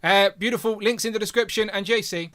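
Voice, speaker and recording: Fairly high-voiced guy hosting a stream, lively, cusses a bit, laughs a lot. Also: brisk. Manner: energetic, swears casually, laughs often. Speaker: livestream host. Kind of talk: casual group chat.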